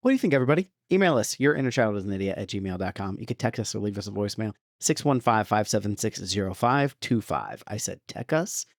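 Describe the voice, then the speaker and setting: A man's voice: on the low side, animated, fast, hardly any pauses, no room sound, studio quality. A man co-hosting a casual movie podcast, joking around and reading out plugs and patron names. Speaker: podcast co-host.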